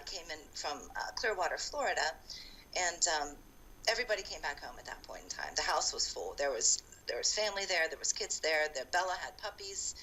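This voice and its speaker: Low-pitched woman, bright animated storyteller. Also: a little hiss or hum, poor audio. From Ohio, USA. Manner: chatty and animated, acts out past dialogue; frequent fillers and restarts, laughs while telling. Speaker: former homeowner telling her story. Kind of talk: casual spoken storytelling interview.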